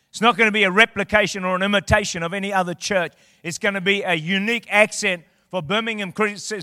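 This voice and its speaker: A man preaching a sermon in a church, impassioned and building to shouted declarations. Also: high-pitched, no room sound, studio quality, big-room sound. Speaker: guest preacher. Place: church auditorium.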